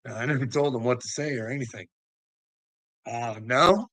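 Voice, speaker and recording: A man's voice: medium pitch, normal speed, sharp tone, no echo, rough recording. A man rambling to viewers, laughing constantly, swearing and taunting someone.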